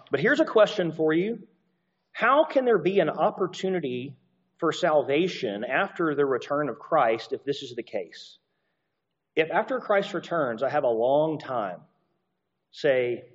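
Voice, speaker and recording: A man's voice: on the high side, slightly rough, dull audio. A man preaching through a Bible passage in a conversational way, restarting sentences and posing rhetorical questions to his listeners. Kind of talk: expository sermon.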